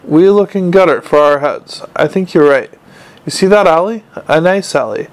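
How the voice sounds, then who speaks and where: Male narrator doing a dim, blunt troll cop with broken grammar, a bit raised in pitch. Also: normal speed, natural voice. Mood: gruff.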